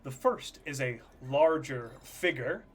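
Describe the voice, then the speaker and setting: A man with a medium-pitched, breathy-edged voice narrates a tabletop game as its game master. He speaks slowly and describes scenes in an easygoing way, dropping in fillers.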